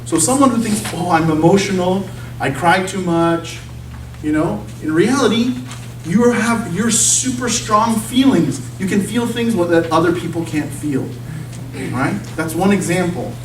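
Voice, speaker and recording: Recorded from afar in an echoey sanctuary with a little hiss or hum, a man with a high voice talks at normal speed. His sermon-style talk is informal and conversational, punctuated by frequent "okay?" and "you see?" check-ins with listeners.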